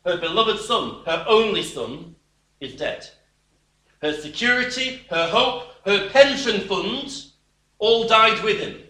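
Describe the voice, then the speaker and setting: Preacher, male, high bright tone, unhurried emphatic delivery, echoey hall sound. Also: expressive. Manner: slow, emphatic preaching with sudden drops to a quiet voice. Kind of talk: sermon. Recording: echoey room.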